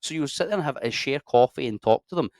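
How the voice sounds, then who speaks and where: A man's voice: mid-range voice, fast, dry recording, clean studio sound. A Scottish man chatting casually as an interview guest, swearing freely and putting on voices as he tells stories. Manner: sweary, animated storyteller, puts on voices for locals.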